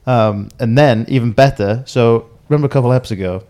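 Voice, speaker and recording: A man's voice: mid-range voice, a little fast, a little mellow. A young man telling a rambling story on a casual podcast, laughing often and acting out what people said. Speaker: podcast co-host.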